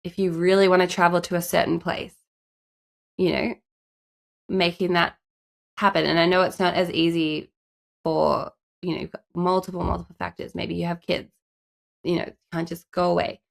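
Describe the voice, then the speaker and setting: Gravelly-voiced woman with a stuffy nose. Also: lowish voice, level tone, moderate pace, long pauses. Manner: chatty, frequent "like" fillers. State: stuffy, congested from a cold. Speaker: podcast co-host. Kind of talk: casual podcast chat.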